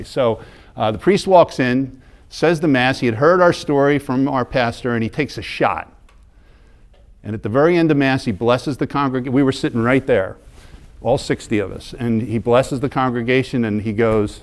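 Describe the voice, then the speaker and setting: A man's voice: medium pitch, normal speed. American man telling a church story. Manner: conversational, restarts and repeats words, slips into quoted voices. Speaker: mission group leader giving a parish talk. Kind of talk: storytelling talk to a church audience.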